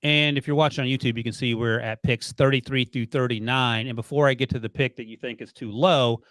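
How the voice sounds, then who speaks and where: A male podcast host who rattles through his list at a brisk clip, ribbing his co-host as he goes. The sound is dry and close, with no room around it. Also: mid-range voice, steady tone, a bit bright, no echo. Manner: quick, joking, teasing. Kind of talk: casual sports podcast chat.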